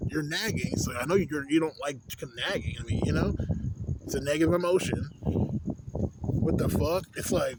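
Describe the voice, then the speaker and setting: A young adult man venting in a casual vlog, profane and full of street slang. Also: on the high side. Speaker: vlogger. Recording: loud background noise.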